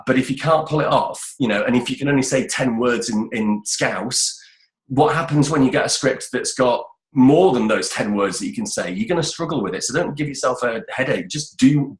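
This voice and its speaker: A middle-aged British man giving voice-over career advice in a casual, chatty interview, often restarting phrases. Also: mid-range voice. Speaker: voice-over expert guest. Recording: roomy echoey sound.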